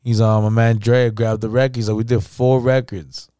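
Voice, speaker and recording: A man's voice: mid-range voice, normal speed, smooth, dry recording, studio quality. A man co-hosting a podcast, telling stories casually and acting out the quotes with profanity and slang. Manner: animated anecdote-telling, acts out quotes. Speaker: podcast co-host. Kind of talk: casual storytelling chat.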